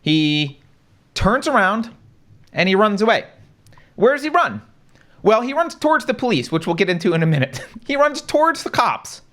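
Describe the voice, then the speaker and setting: A man hosting a talk show, speaking in a fairly high voice that swings widely in pitch. He lays out a chain of events step by step, poses rhetorical questions to his co-host and keeps checking in with a casual "right?". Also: a bit bright. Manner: casual, conversational, says "right?" often. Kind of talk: live-stream commentary.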